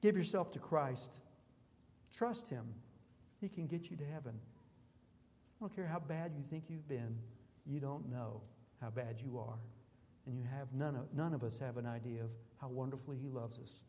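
A man's voice: medium pitch, moderate pace, mellow. Emphatic preaching man in an echoing hall. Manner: emphatic preaching with rising, declamatory repetitions. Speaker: pastor. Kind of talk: sermon. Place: church sanctuary. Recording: long reverb of a large hall.

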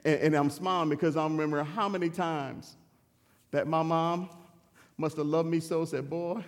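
A man preaching a sermon in a church, animated and humorous, chuckling through personal stories. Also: fairly high pitch, moderate pace, big-room sound.

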